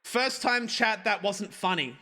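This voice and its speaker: A young man streaming a stand-up set, telling an animated story and breaking off for asides to his chat. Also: sits high, unhurried, crowd noise.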